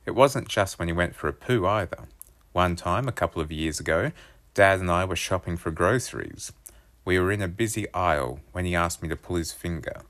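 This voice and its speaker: A man reading a children's chapter book aloud, telling it in a lively first-person voice. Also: low voice, brisk. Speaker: storybook reader.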